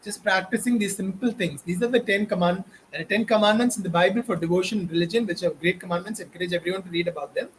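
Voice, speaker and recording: A man's voice: high-pitched, fast, few pauses, slight background noise, low-quality recording. A man from India with an Indian English accent, giving an impassioned, preachy talk straight to his viewers and repeating his points to drive them home. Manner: preachy, exhorting, repetitive. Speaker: online educator. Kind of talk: impassioned direct-to-camera talk.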